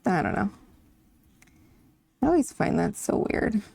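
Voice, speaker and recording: Gravelly-voiced woman chatting while coloring. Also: mid-range voice, very animated, unhurried, darkish tone, no echo. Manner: chatty, rambling, laughs often. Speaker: coloring channel host. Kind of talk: casual chat while coloring.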